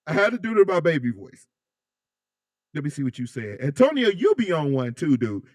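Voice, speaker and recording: Animated, joking man hosting a livestream. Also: fairly high pitch, normal speed, pauses often, no echo, clean studio sound. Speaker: livestream host. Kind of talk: casual live chat reading comments.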